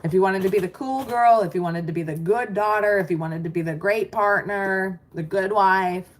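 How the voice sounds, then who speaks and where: In this livestream coaching talk, a middle-aged American woman who works as a mindset business coach speaks at normal speed with a medium pitch. Chatty and reassuring, she reads viewers' questions and responds to the chat.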